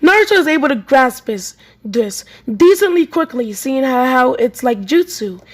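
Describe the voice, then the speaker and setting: A woman's voice: sits high, expressive, normal speed. A woman reading a fan story aloud in a plain way, often stumbling and restarting lines.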